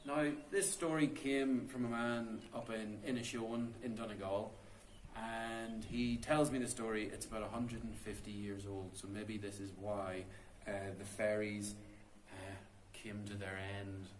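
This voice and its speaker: A man's voice: lowish voice, fairly even intonation, a little slow, slight background noise. A man telling a folk tale in a chatty, unscripted way, inside a stone cave tomb. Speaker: storyteller. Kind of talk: oral folk storytelling. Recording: roomy cave echo.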